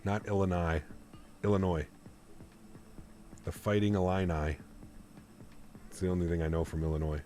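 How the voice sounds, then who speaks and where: A man's voice: low-pitched, fairly even intonation, fairly quick, long pauses, warm tone, faint music behind. A young man streaming a flight sim, chatting casually with his viewers, joking and playing with how place names are pronounced. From Canada. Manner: chatty, joking, plays with pronunciations. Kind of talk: casual live-stream chat.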